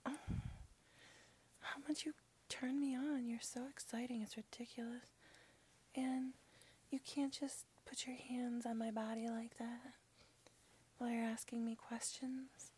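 A woman speaking in a breathy whisper, playing a lover in a whispered role-play with soft murmured hums. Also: on the high side, little pitch movement, takes it slowly, long pauses. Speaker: girlfriend in an audio role-play.

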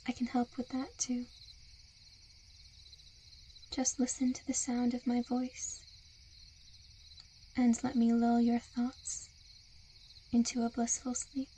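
Woman, whispered role-play, hypnotic and coaxing, very flat, higher voice, faint crickets behind. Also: slow, long pauses, slight background noise. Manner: soft, soothing hypnotic murmur; seductive, coaxing.

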